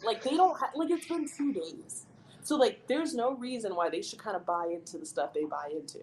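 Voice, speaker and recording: A woman's voice: fairly high pitch, fairly quick, slight background noise, poor audio. A young adult woman on a casual podcast, telling a story with lots of "like" and acting out the people in it. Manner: animated, lots of "like", acts out quoted voices.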